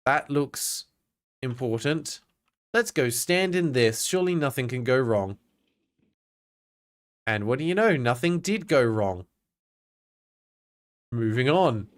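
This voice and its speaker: Australian male streamer, lively pitch and a casual, self-deprecating delivery. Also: takes it slowly, pauses often. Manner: reads game text aloud, chatty and self-mocking. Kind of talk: casual gameplay commentary.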